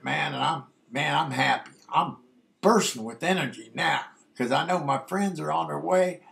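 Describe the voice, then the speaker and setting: An older man with a gravelly yet fairly high, fairly bright voice shares a rambling, folksy story from his past like a casual spoken memoir, dropping "man" into nearly every sentence.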